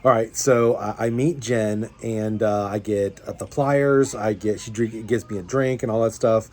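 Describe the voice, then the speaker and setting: A man's voice: fairly low pitch, fairly even intonation, measured pace, darkish tone, slight background noise. A young man, a fishing vlogger, rambling through a story of a bad day in casual chat, with many fillers and restarts. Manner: rambling, self-deprecating, full of fillers and restarts.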